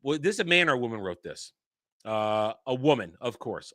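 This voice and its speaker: A man hosting a casual livestream, rambling and excitable, swearing and swinging between loud outbursts and low muttering. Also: a little fast. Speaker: streamer host.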